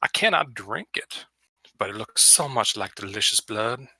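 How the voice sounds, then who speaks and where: A man's voice: fairly low pitch, animated, moderate pace, bright, forceful tone, no echo, pitched below the performer's own voice, full character voice. A man voicing a genteel Southern-accented vampire who is smiley, drawling and barely hiding his hunger. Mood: mock-genteel. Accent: American Southern. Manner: overly smiley, drawling, mock-polite.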